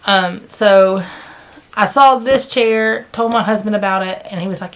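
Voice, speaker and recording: With the hiccups, a woman from the American South talks casually from a chair at home about how her cross-stitch is coming along, wandering a little and fixing her own words. Her voice is mid-range, unhurried, and a bit bright, with slight background noise.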